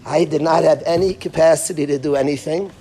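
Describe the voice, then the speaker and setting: Rabbi telling a story, hushed to emphatic. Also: male voice, on the high side, fairly even intonation, fairly quick, husky. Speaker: rabbi giving a parenting lecture. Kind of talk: storytelling lecture.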